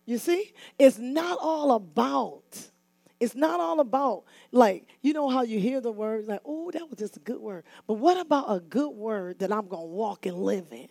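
A woman minister preaching a fiery call-and-response sermon, often rising to shouts. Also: fairly high pitch, expressive, normal speed, vocal fry, dry recording.

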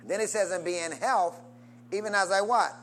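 A man preaching a sermon, constantly calling out questions for the congregation to answer and urging them to say amen. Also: brisk. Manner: call-and-response preaching with wide swings in pitch and loudness.

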